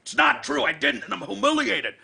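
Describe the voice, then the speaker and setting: A man voicing a panicked, ashamed young man who whines and pleads, pitched far above his own voice. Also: big pitch swings, fairly quick, creaky, sharp tone, exaggerated voice. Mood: whining. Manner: whiny, pleading.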